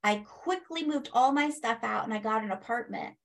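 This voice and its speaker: A woman telling a personal story in a casual interview, animated, acting out what people said and laughing as she goes. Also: a little high, normal speed, vocal fry. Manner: animated, acts out quoted speech, laughs, swears. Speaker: guest.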